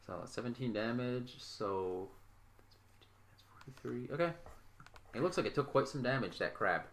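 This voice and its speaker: A man running a tabletop game as game master, counting out rolls and damage in a casual, relaxed way. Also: mid-range voice, normal speed, a little hiss or hum.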